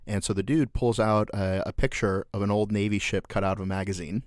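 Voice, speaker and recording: A man's voice: on the low side, fairly even intonation, a little fast, a little mellow, no room sound, clean studio sound. A man in his thirties, a Marine veteran hosting a podcast, telling profane stories in casual chat with lots of fillers and laughs.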